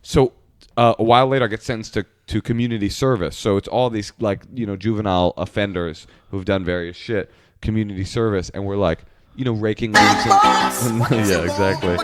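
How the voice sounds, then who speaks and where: A man's voice: lowish voice, fairly even intonation, a little fast, faint music behind. A man co-hosting a podcast, telling a rambling comic story in casual chat and laughing through it. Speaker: podcast co-host.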